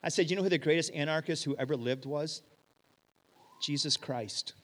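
Middle-aged man, pastor preaching in a church hall, lively storyteller who acts out the voices, slight hall reverb. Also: fairly high pitch, normal speed. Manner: animated storyteller, acts out dialogue, swings loud and hushed. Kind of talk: sermon with storytelling.

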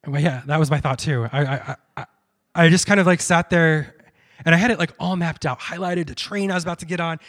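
A young male missionary gives his personal testimony in a slightly high, fairly bright voice, speaking a little fast with a steady tone. He tells his story full of quoted self-talk and keeps restarting his sentences.

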